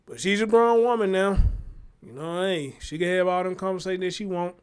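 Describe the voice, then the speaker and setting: High-voiced man, blunt slangy monologue. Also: fairly quick, smooth. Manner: blunt, animated storytelling with heavy slang. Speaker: show host. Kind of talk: casual commentary monologue.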